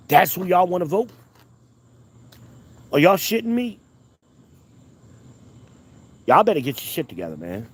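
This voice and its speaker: Heated man ranting on camera. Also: mid-range voice. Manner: emphatic, repetitive, heated. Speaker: commentator. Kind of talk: casual rant.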